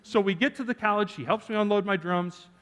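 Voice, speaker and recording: A man's voice: high-pitched, brisk. A man preaching a sermon, telling a personal story with jokes for the congregation. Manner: animated, joking with the congregation. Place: church sanctuary. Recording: church hall reverb.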